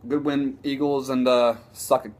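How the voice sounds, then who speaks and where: A man ranting casually about his football team, profane and excitable, rambling with frequent restarts. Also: medium pitch, normal speed. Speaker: sports vlogger. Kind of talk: casual sports rant.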